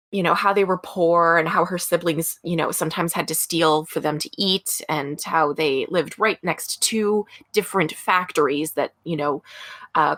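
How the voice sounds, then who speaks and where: A woman's voice: on the low side, a bit bright, dry recording, clean studio sound. A woman podcast co-host telling a story in a casual, chatty way, full of fillers. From American Midwest. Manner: chatty, many fillers like "like" and "you know".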